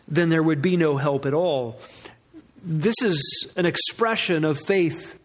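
A man with a high voice preaching a Sunday sermon. He speaks earnestly and with emphasis, repeating words as he works through each thought. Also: a little slow. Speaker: pastor.

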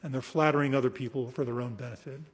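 A male preacher giving an expository sermon, emphatic, slowing down to read scripture and trailing off softly at the ends of phrases. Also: medium pitch, fairly even intonation, breathy edge. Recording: long hall reverb.

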